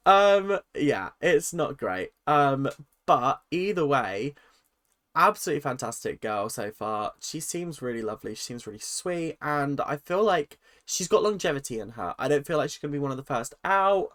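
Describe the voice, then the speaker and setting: A man, chatting through a casual, opinionated rant vlog full of lively asides. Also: fairly high pitch, moderate pace. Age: 20s. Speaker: vlogger.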